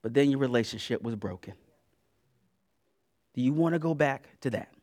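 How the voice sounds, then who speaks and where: Animated male preacher with a lively voice. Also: mid-range voice, normal speed. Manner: animated, repeats words, colloquial asides to the congregation. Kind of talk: sermon.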